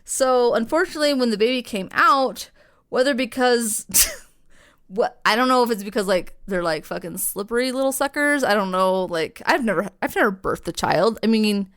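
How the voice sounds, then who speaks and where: A woman's voice: fairly high pitch, lively intonation, moderate pace, fairly bright tone. Rambling woman podcast host, swears a lot. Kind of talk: casual chat, storytelling.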